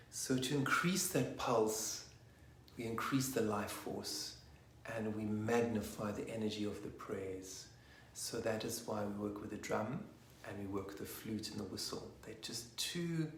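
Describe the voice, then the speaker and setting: A man and sangoma leading a guided meditation, talking softly and gently between chants. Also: lowish voice, roomy sound, a little hiss or hum. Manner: soft, gentle, slow spoken guidance.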